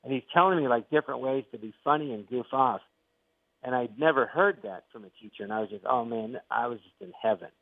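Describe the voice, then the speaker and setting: A man's voice: medium pitch, fast, no room sound. A middle-aged male actor and comedian, a guest telling stories in a casual interview, acting out the quotes. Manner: animated storyteller, acts out quotes. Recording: tinny phone line, dry.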